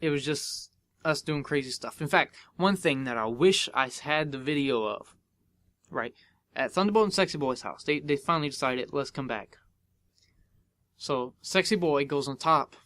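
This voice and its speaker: A young man hosting a podcast, telling a casual story and acting out the dialogue with big jumps in his voice. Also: normal speed. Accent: American. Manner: animated, acts out dialogue with big pitch jumps. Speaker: podcast host.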